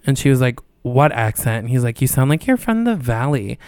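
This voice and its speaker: A young man chats on a podcast, spinning a story with easy laughter. His voice has a gravelly edge yet stays smooth, and it sits close to the mic in a dry room. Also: medium pitch, big pitch swings, fairly quick, darkish tone, dry recording. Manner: chatty storyteller, laughs often. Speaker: podcast co-host. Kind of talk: casual chat.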